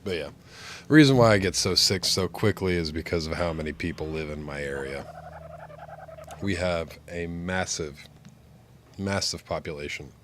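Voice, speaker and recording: A man's voice: low-pitched, moderate pace, a bit bright, slight background noise. A man streaming while sick with the flu, his voice congested and nasal, chatting casually and joking as he rambles. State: congested, stuffy nose from flu. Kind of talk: casual chat while gaming.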